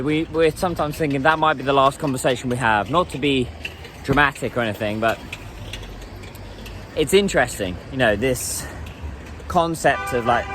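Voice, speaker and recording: Speaking in a mid-range, slightly bright voice, this English vlogger addresses the camera casually and thoughtfully. He chats and reflects, laughing while putting simple Mandarin questions to strangers.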